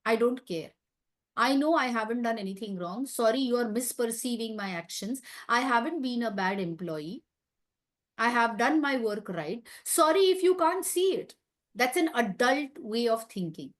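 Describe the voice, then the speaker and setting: Lady teaching a group, talks emphatic and chatty, asks lots of questions, bit high voice. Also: expressive, normal speed. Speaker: wellness talk speaker. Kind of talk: light-hearted teaching talk.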